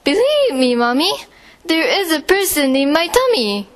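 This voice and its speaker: A woman voicing a small child who pleads emphatically in a high voice. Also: sing-song, moderate pace. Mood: excited.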